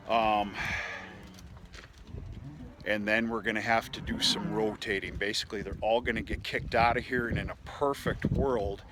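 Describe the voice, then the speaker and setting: Folksy farmer with a noisy outdoor mic. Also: male voice, on the low side. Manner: folksy, rambling, with frequent restarts and mild cursing. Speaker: cattle farmer. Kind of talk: casual farm vlog. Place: outdoors in a farm feedlot.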